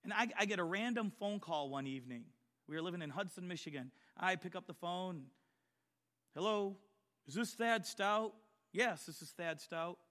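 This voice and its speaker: A middle-aged man preaching a sermon, telling personal stories and swinging from quiet storytelling to loud exhortation. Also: high voice, normal speed. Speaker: pastor.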